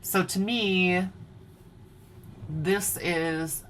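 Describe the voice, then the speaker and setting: Wisconsin lady showing her stitching, low unhurried voice, faint hiss behind. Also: fairly even intonation, a bit bright. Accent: Upper Midwest American. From Wisconsin, USA. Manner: chatty, playful, sings snatches of songs. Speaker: cross-stitch vlogger. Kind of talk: casual show-and-tell chat. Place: home at night.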